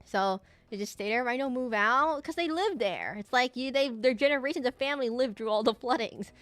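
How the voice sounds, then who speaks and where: Young woman rambling on stream, lots of um and like, highish voice, dead dry mic, soft music under. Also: fairly quick, no room sound. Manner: rambling, chatty, laughs often, lots of fillers and restarts. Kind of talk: casual chat to a live stream.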